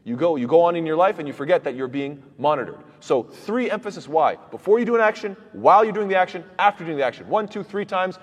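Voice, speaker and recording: A fast-talking man gives a lecture that explains verses, and his voice is a bit husky. He asks himself questions and answers them, and he switches into quick recited verses. The sound has a long, reverberant tail. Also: fairly high pitch, lively intonation. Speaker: Quran tafsir teacher.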